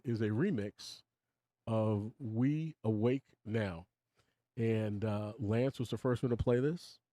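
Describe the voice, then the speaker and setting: A man's voice: fairly low pitch, mellow, no room sound. An older man hosting his own live stream, rambling and opinionated, chuckling as he talks to his chat. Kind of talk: casual live-stream monologue.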